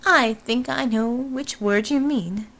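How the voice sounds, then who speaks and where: Wisecracking tough heroine, a woman reading her, brash and slightly raised in pitch. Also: slow pace, fairly bright tone. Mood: sardonic. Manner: sardonic, brash. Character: wisecracking retired superheroine, tough and sardonic.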